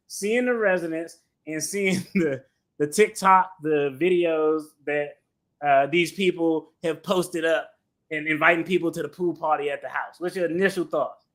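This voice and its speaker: A man hosting a reaction show, talking in an animated, slangy way and laughing often as he comments. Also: a little high. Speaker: attorney reaction host.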